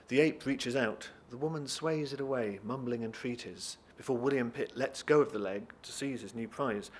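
Male reader, lively expressive narration of a novel, faint background noise. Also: medium pitch. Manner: lively expressive reading, talks briefly to listeners. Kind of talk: reading a novel aloud.

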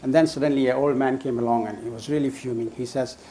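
A man's voice: medium pitch, steady tone, background noise. An older man telling a long anecdote in a casual way, often chuckling and restarting his sentences. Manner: chuckling, halting with many restarts. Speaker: storyteller guest.

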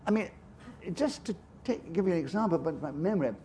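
A man's voice: fairly high pitch, animated, fairly quick, dark tone, slight background noise. An older man with an English upper-class accent, a guest author telling anecdotes on stage in a chatty, self-amused way with frequent asides. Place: festival stage.

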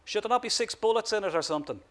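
A cocky young Dublin lad with a crude, sarcastic tongue, as an author reading aloud puts him on. His voice sits high and bright. He sounds brash and slangy. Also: expressive, rapid-fire. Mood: flippant.

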